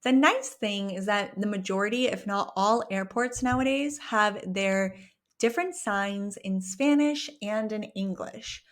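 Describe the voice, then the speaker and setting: A woman teaching a language lesson, encouraging her listeners and slowing down to pronounce each word clearly, checking in with "okay?" as she goes. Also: medium pitch. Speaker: Spanish teacher.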